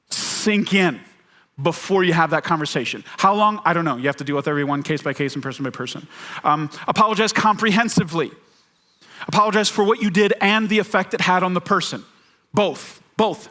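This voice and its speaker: A man's voice: on the high side, lively intonation, moderate pace, pauses often, pushed and bright, soft background music. A man preaching a sermon as pastor, talking conversationally, repeating key phrases and acting out quoted lines.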